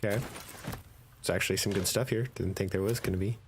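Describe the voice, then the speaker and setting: Male gamer, low voice; casual let's-play commentary, musing and hesitant. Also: fairly even intonation, fast talker, slight background noise. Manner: musing aloud, hesitant, trailing off.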